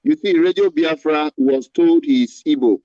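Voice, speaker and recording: A man's voice: a little high, measured pace, dark tone, no echo. Pleading male panelist, muffled line.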